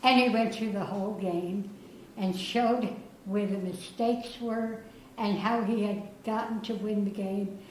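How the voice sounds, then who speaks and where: An older German woman presents prizes as a guest speaker at a chess club reception, telling stories in a mid-range, darkish voice with fairly even intonation and an unhurried pace. Dental work slightly slurs her words. The room is echoey, with faint ambience and a little hiss or hum.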